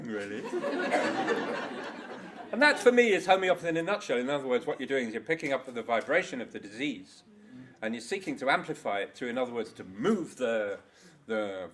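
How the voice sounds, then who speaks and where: A man's voice: mid-range voice, a little hiss or hum. An older man giving a loose, rambling conference talk, swearing now and then and laughing at his own stories. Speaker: conference speaker. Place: conference hall.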